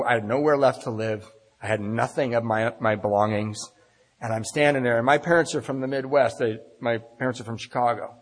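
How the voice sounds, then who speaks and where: Gravelly-voiced man telling his story in a big hall. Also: mid-range voice. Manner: animated storyteller, acts out voices. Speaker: recovery meeting speaker. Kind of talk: storytelling talk to an audience. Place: large meeting hall.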